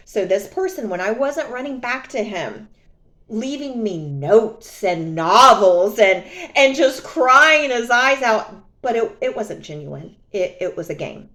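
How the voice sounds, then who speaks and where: A young adult woman telling a personal story in a casual vlog, sassy and animated, often mocking others. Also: a little high, slow pace. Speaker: vlogger.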